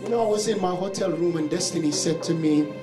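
A man preaching a sermon, his voice pitched high. He tells a family story to his church while an instrument plays along. The sound is echoey, as in a large sanctuary. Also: fast talker, over music. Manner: shouting exhortations, then telling a family story. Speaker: pastor.

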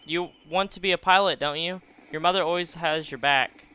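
Frail, muddled old mom from a game, read by a man, high and shrill when upset. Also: normal speed, pushed and bright, slight background noise. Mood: pleading. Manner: doting, then shrill and frantic. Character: frail confused elderly mother in hospital. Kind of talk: reading game dialogue aloud.

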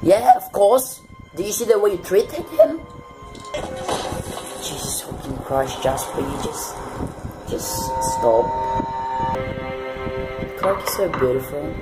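A man's voice: a little high, animated, slow, pauses often, poor audio. A man reacting live to a TV episode, gushing and swearing constantly, with the show's music playing behind him. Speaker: TV reaction vlogger.

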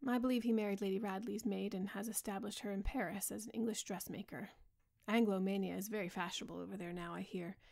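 A woman voicing a petulant, languid young gentleman in a soft bedtime audiobook reading. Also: mid-range voice, fairly even intonation, quick pace, gravelly. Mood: airy.

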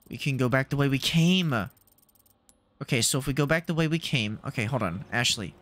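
A man's voice: medium pitch, lively intonation, normal speed, a bit bright, no echo. A man streaming a video game, chatting in jokey mock panic and talking to the game characters. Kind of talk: live gameplay commentary.

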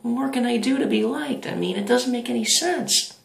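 A man voicing a whiny, awkward, lonely teenage boy who talks haltingly and repeats himself. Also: very high-pitched, vocal fry, roomy sound, pitched above the performer's own voice, heavily acted.

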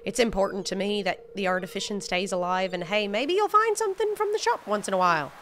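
Here is a friendly old fisherman from a farming game, all salty sea talk and hearty cheer, as a woman reads him aloud. He gets a hammy, made-up seafaring accent. The voice stays bright and clear. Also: medium pitch, expressive, fast talker, slight background noise, close to an everyday voice. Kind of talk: reading game dialogue aloud.

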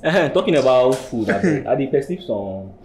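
A man's voice: medium pitch, very animated, normal speed, darkish tone, a little hiss or hum, lightly acted. A man playing a cheeky Pidgin-speaking friend. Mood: joking. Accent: Nigerian Pidgin. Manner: boisterous and joking. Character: cheeky young male friend, loud and greedy for food. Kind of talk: film acting. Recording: film scene with music underneath.

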